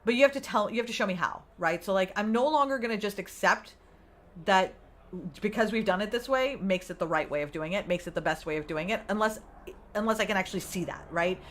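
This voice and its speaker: A woman's voice: mid-range voice, fairly quick, a little hiss or hum. Chatty woman hosting a live stream. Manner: animated, laughs often, acts out her own inner voice. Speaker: livestream host. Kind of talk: casual live chat with viewers.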